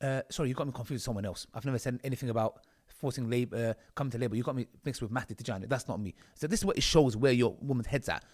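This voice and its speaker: A man's voice: medium pitch, rapid-fire, darkish tone. A man from the UK with a combative, mocking manner, commenting on video clips of his critics. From United Kingdom. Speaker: online commentator.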